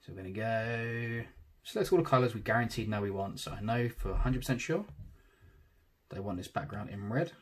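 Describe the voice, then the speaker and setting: A man, casually talking through a digital tattoo drawing in real time, thinking aloud and trailing off softly. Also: lowish voice, lively intonation, fairly quick.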